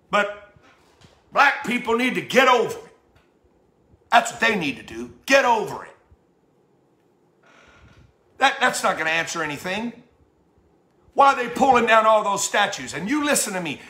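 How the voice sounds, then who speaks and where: A man's voice: sits high, sharp tone. A man preaching an impassioned sermon as a bishop, fervent, stumbling over repeated words and firing rhetorical questions. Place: church. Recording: echoey church sanctuary.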